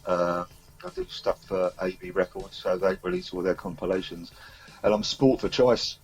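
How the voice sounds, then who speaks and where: A man's voice: sits low, normal speed, a little hiss or hum, rough recording. A man, a singer-songwriter, chatting easily as a guest on a radio show. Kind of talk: casual interview chat.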